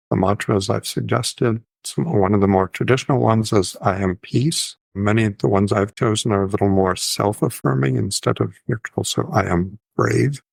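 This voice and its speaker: A fairly low-pitched man with a gravelly edge to his voice talks as a psychiatrist host in an informal educational style. He is thoughtful and measured, often correcting himself. Now and then he intones short phrases in a sing-song rhythm, and the sound is dry and close. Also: dry recording.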